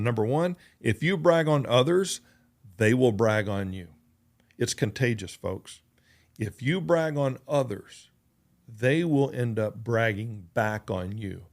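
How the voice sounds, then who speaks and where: A man hosting a motivational podcast, speaking in an earnest, emphatic way. He repeats his points for emphasis, and his pitch sits in an ordinary middle range. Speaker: podcast host.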